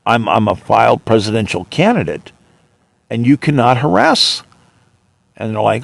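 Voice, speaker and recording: A man's voice: mid-range voice, big pitch swings, moderate pace, vocal fry, long pauses, dry recording. A man hosting his own podcast, ranting indignantly and retelling his arguments with officials. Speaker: podcast host. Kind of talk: monologue.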